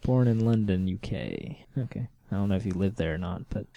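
A man's voice: sits low, a little fast, creaky, dark tone, dry recording, lo-fi sound. A man co-hosting a casual TV recap podcast, easygoing and chuckling between remarks. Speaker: podcast co-host.

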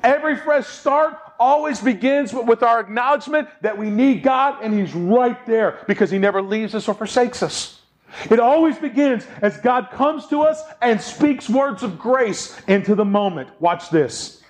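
Animated high-voiced preacher man. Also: moderate pace. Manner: animated storytelling with rhetorical questions. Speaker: pastor. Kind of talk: sermon.

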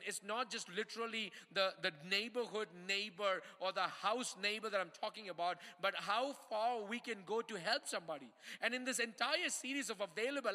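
A pastor from India preaches to his congregation in a very high, strikingly bright voice. He stumbles and repeats words, then drives his points home with insistent questions. The hall gives his voice a long, ringing reverb. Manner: repeats words and restarts while preaching, rising to emphatic calls. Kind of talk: sermon. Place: church hall.

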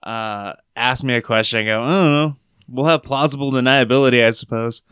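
A man co-hosting a casual podcast, his voice smooth and clear at a middle pitch. He tells stories with a joking, animated manner. The sound is close and dry. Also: a little fast, dry recording. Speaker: podcast co-host. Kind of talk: casual chat.

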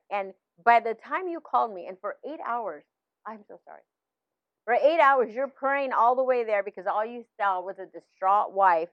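A middle-aged woman, a minister's wife, telling a personal faith testimony in casual talk, animated, with many fillers and restarts. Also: mid-range voice, no room sound. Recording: dull, slightly lo-fi, dry sound.

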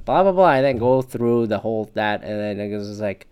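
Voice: medium pitch, moderate pace, clear, resonant tone. A podcast host reading an article aloud and breaking off into sarcastic, profane asides in casual commentary. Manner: profane, sarcastic asides between read passages.

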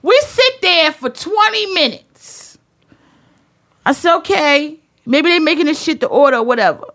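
A woman telling a comedic story in a profane, emphatic way, acting out her own yelling. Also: high-pitched, animated, normal speed. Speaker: storyteller on a talk show.

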